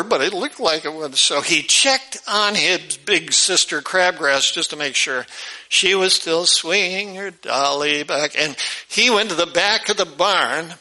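Bright-voiced pastor telling a story. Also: male voice, sits high, low-quality recording. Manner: animated, acts out the characters' voices. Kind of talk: storytelling sermon.

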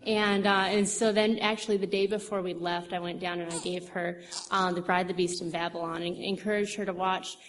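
A young woman with a lowish voice and flat delivery speaks fairly quickly with few pauses. She tells a church audience about her witnessing in a rambling, chatty testimony full of fillers and restarts, captured with long hall reverb and faint noise.

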